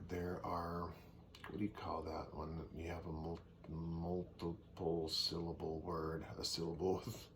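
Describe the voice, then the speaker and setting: Guy teaching songwriting, talks slow and loose, kinda thinking out loud, a little hiss behind. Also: low-pitched. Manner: relaxed, thinking aloud, often clears throat. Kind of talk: casual teaching with sung demonstrations. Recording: faint background noise.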